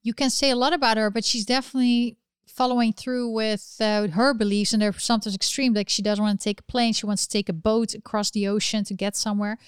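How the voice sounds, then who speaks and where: Chatty woman with a smooth, higher voice. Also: little pitch movement, fast, no room sound, studio quality. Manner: chatty, opinionated, with frequent restarts. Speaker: live chat host. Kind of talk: casual livestream chat.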